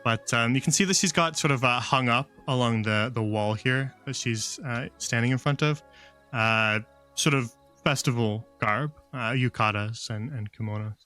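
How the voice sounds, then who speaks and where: A man runs a tabletop game, describing scenes loosely and filling gaps with hesitations. His pitch sits in an ordinary middle range. Soft music plays faintly underneath. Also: moderate pace. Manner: rambling, full of fillers. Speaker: game master.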